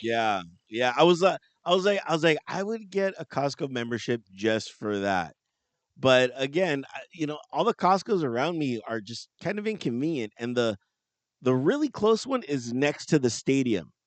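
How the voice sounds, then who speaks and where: A man co-hosting a podcast in casual chat, often laughing and acting out lively quotes as he tells stories. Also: mid-range voice, moderate pace, dry recording. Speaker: podcast co-host.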